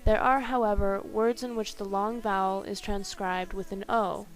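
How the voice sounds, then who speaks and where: A woman reading a scripted language lesson carefully, slowing down to spell out each example. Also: medium pitch, fairly even intonation, faint music behind. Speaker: language teacher.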